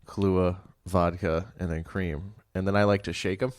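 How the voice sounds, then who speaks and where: Tired podcast co-host, lively storyteller with a low voice, dry close mic, laughs a lot. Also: male voice, moderate pace, no room sound. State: tired after a night shift. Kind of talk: casual chat.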